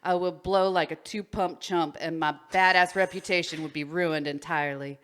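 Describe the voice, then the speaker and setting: A woman's voice: fairly low pitch, steady tone, moderate pace, fairly bright tone, natural voice. A woman voicing a cocky young man, a masked stalker, in a story she reads aloud. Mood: boastful.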